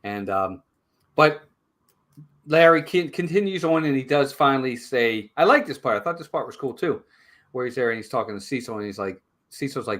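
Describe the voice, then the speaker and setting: A man co-hosting a casual live-stream movie review, retelling scenes in an animated way. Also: mid-range voice, normal speed.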